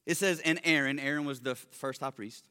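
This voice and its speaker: A man preaching a sermon, swinging between loud emphatic stresses and quiet low asides, with joking remarks. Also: a little fast, smooth. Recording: long hall reverb.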